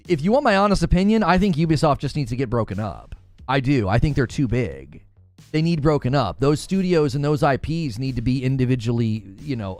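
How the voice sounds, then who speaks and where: A man's voice: mid-range voice, no echo. A man chatting casually with his live-stream viewers about games, talking to them directly. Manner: chatty, talks to chat viewers, animated. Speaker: gaming streamer.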